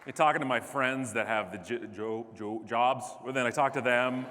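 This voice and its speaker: A man giving a comedic keynote speech on a large conference stage, animated and self-deprecating. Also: medium pitch, normal speed, some chatter behind, a little hiss or hum. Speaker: keynote speaker. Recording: echoey hall.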